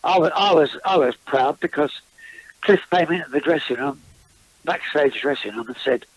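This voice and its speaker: A man's voice: on the high side, expressive, moderate pace, husky, dry recording, low-quality recording. An older man, a guest musician, recalling past tours in a casual interview, chatty and rambling with frequent restarts and chuckles. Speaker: guest musician, former backing singer.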